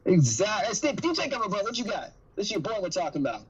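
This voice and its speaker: A man hosting a podcast, chatting casually and joking loudly with friends. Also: high voice, quick pace, husky. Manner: animated, loud and joking. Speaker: podcast host. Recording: dull lo-fi sound.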